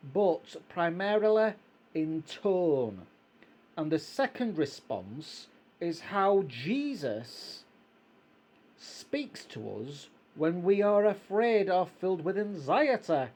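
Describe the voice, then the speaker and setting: A middle-aged man slowly and gently reading aloud from a Christian devotional, quoting scripture. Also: high voice. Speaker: reader of a devotional book.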